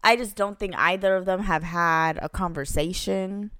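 A woman's voice: lowish voice, steady tone, normal speed, a bit bright, smooth, no echo. A young woman co-hosting a podcast, talking casually with slang and thinking things through. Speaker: podcast co-host. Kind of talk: casual chat.

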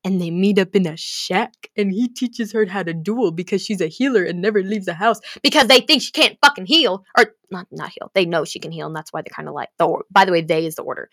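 A young woman gushing about a book to her viewers, swearing freely and swinging between gasps, whispers and shouts. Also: lowish voice, fast talker, hardly any pauses, no echo, studio quality. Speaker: fanfiction vlogger. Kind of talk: emotional casual rant about a book.

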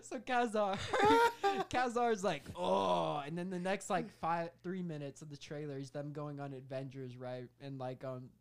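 A man's voice: a little high, unhurried, creaky, hardly any pauses. A man co-hosting a podcast, telling a rambling comic story and laughing as he acts out lines. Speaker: podcast co-host. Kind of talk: casual comedic chat.

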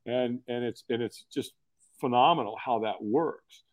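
A man's voice: mid-range voice, a little slow. A middle-aged man, telling his story casually as a podcast guest in an earnest, folksy way. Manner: earnest, folksy, repeats words when starting sentences.

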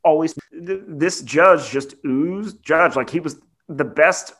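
A man's voice: fairly high pitch, slow. A man co-hosting a podcast, casually reviewing a film in a rambling, enthusiastic way. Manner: rambling, animated when quoting lines. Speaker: podcast co-host.

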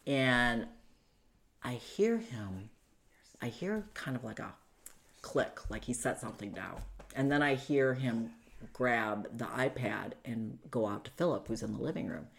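Very deep-voiced woman recounting an ordeal. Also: expressive, vocal fry. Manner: halting, urgent retelling with frequent "you know". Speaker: interview guest telling her own story. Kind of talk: emotional personal testimony.

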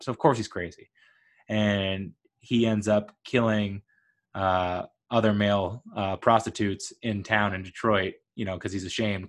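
A man giving a casual, rambling spoken review of a TV show, enthusiastic and full of fillers like "uh" and "like". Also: on the low side.

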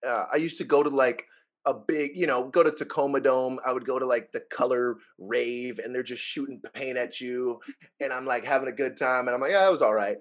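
A young man in casual chat, telling animated stories and acting out what people said, laughing often. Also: mid-range voice, fairly quick. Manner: animated storyteller, acts out quotes, laughs often.

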